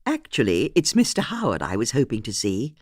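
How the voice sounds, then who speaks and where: A narrator voicing an older amateur sleuth woman who speaks brightly and bluffs when caught out. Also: medium pitch, huge pitch swings, brisk, no room sound, studio quality. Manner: bright, flustered.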